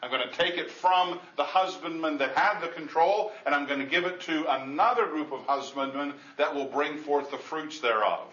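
A man's voice: a little high, moderate pace, hardly any pauses, a bit bright. A man preaching a Bible-teaching sermon in a conversational way, with frequent restarts, reading scripture aloud in old formal wording. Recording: echoey, dull lo-fi room recording.

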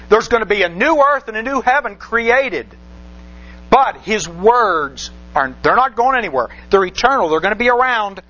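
A man's voice: very high voice, sharp tone, lo-fi sound. A man preaching a sermon, reading scripture aloud and repeating phrases for emphasis with rhetorical questions.

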